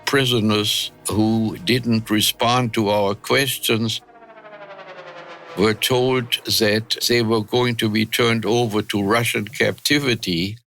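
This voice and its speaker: A man in his nineties from Germany, recounting wartime memories in an interview, unhurried and reflective with frequent hesitations. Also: fairly low pitch, flat delivery, fairly bright tone, soft background music. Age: 90s. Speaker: interviewee, war veteran.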